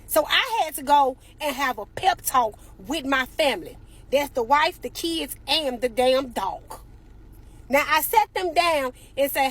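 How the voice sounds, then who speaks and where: A woman telling a comic family story in an animated, exasperated way, acting out the quotes. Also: high voice, unhurried.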